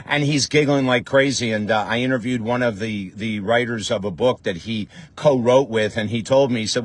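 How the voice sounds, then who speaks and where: Man, podcast host, casual monologue, enthusiastic, lots of fillers, mid-pitched voice. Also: moderate pace, hardly any pauses, no echo. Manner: enthusiastic, many fillers and restarts.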